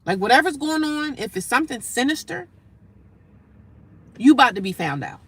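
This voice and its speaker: A woman livestreaming casual talk from her daily life, animated and emphatic, repeating her points and breaking off to greet passersby. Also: high-pitched, moderate pace, slightly rough. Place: homeless shelter area.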